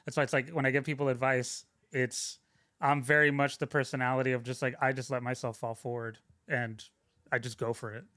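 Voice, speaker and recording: A man's voice: medium pitch, flat delivery, a little fast, a bit bright, dry recording, clean studio sound. A young adult man telling stories about his career in casual interview talk, loose and rambling, with lots of fillers and restarts. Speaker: guest, film sound mixer.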